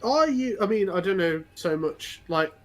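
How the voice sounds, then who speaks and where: A man with a notably high-pitched voice chats casually with a friend while they play a co-op video game. He asks lots of questions, hesitating often and restarting his sentences. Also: animated, moderate pace, soft background music. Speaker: co-op gaming partner.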